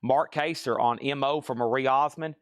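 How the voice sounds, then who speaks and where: A man with a medium-pitched, steady, smooth voice hosts a live record sale stream, recorded clean in a studio with no room sound. He rattles off titles and prices one item after another, briskly, tossing in chatty asides in his sales patter.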